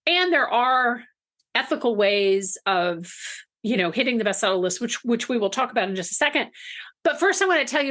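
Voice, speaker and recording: A woman telling an anecdote in casual podcast talk, chatty and animated, often laughing between phrases. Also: a little high, brisk. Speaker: book marketing guest.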